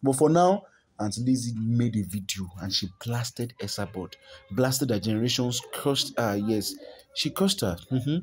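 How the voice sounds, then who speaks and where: Nigerian male gossip vlogger, mid-pitched voice, repeats himself, quick chuckles. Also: lively intonation, breathy edge. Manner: repeats words and stumbles, chuckles often. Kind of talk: chatty celebrity gossip commentary.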